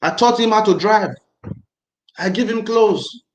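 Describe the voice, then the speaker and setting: A man's voice: high voice, unhurried, reverberant, poor audio. A man hosting a casual livestream, tense and angry, talking emphatically and repeating himself. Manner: emphatic, repetitive, agitated. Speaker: livestream host.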